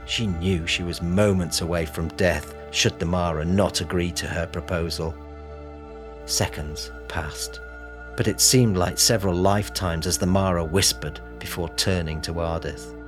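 A man narrating an audiobook in a steady, measured storytelling manner, over music. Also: sits low. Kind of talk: scripted narration.

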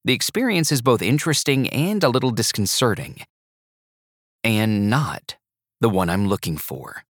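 A man narrating an audiobook in the first person, with a measured, even storytelling delivery. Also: medium pitch, dry recording, studio quality.

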